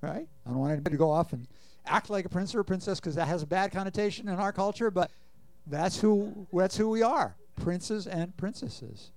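A man's voice: sits high, fast talker, darkish tone, dry recording. A man preaching a sermon, earnestly reading scripture and asking the congregation questions. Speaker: pastor.

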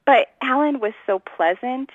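A woman from New Jersey, a guest telling her personal story in a lively, conversational way and laughing often. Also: high voice, measured pace, no room sound, lo-fi sound. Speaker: interview guest.

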